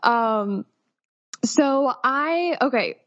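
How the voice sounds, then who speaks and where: A woman's voice: high voice, lively intonation, very slow, no echo. A woman in her thirties speaks as a nurse, explaining things plainly and reassuringly. The recording is dry and a little muffled, with no room sound. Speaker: postpartum nurse guest. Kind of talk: explanatory advice in interview.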